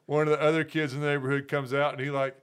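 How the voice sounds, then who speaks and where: A man in a casual podcast chat, telling an animated story and acting out quotes. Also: medium pitch, very fast, clear, resonant tone. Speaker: podcast co-host.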